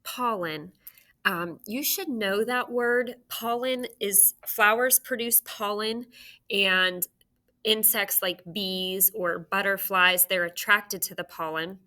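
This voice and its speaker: A woman teaching a recorded phonics lesson to children, sounding out letters slowly and clearly into a computer mic. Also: medium pitch, steady tone, bright, forceful tone. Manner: slow, clear teacher talk with drawn-out sounds.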